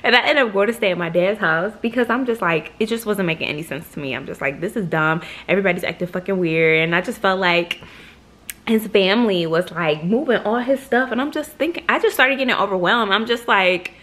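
A woman's voice: mid-range voice, fairly quick, a bit bright. Chatty young woman vlogger telling a story. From Michigan. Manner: chatty, swears freely, acts out quotes. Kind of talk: casual storytime vlog.

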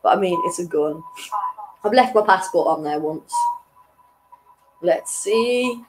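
A woman's voice: on the low side, animated, slow pace, faint music behind, low-quality recording. A young woman hosting an online quiz in a chatty, casual way, chuckling between questions. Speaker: quiz host.

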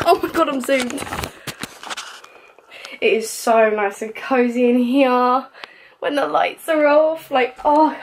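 A young woman chatting away to her handheld camera in a small bedroom, a touch out of breath. Her voice sits slightly high, and she rattles along quickly in a loose, rambling vlog manner. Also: lively intonation, a little hiss or hum. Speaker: vlogger. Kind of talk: casual vlog chat.

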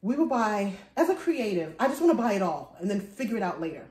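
A woman's voice: medium pitch, big pitch swings, fast talker, darkish tone. A woman in her thirties chatting casually to camera about her thrift finds, rambling and laughing often. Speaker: vlogger showing a thrift haul. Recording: echoey room.

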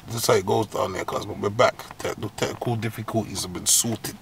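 A man giving comic advice as a host, in a profane, slang-heavy rant full of laughs and sudden high squeals. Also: steady tone, brisk, creaky, over loud music. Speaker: agony-uncle comedy host.

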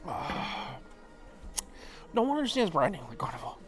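A man's voice: high voice, sing-song, moderate pace, over music. A drunk man vlogging aboard a cruise ship, rambling emotionally and swearing often. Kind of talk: casual vlog monologue.

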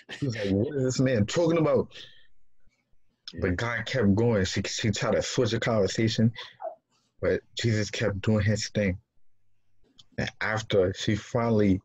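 A man's voice: lowish voice, darkish tone, slightly rough, no room sound, dull audio. A young man casually retelling a Bible passage in a rambling, slangy way. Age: young adult. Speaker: young Bible study participant.

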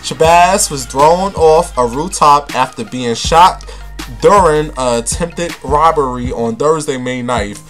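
A man's voice: fairly high pitch, takes it slowly, fairly bright tone, soft background music. A man hosting a casual celebrity gossip vlog, talking in a sassy, flamboyant, camp way and calling his viewers honey and baby. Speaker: vlogger.

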